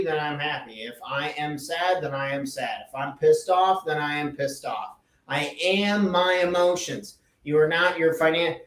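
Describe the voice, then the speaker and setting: A man's voice: a little high, a bit bright. A man hosting a podcast, giving a casual motivational talk in an earnest, emphatic way and repeating his key phrases. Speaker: podcast host. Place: indoor room with a whiteboard. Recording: echoey room, voice from off-mic.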